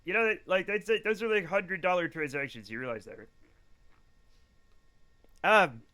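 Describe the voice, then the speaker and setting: A man's voice: on the high side, very animated, moderate pace, pushed and bright, clean tone. A man streaming a space game live, rambling and joking with his chat while he plays. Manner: rambling, jokey, talks to chat while playing. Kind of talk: casual gaming livestream chat.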